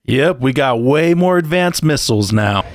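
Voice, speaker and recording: A man's voice: medium pitch, lively intonation, moderate pace. A man hosting a reaction channel, making joking, sarcastic asides between clips. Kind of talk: casual commentary.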